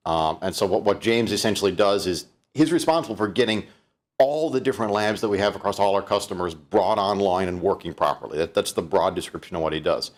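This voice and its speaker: A man from Canada with a fairly low voice talks through a keynote in a relaxed, conversational way. He keeps stopping to restart phrases and fills gaps with "um" and "uh". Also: fairly quick. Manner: conversational, fillers, many restarts. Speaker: keynote presenter. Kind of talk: live-streamed keynote talk.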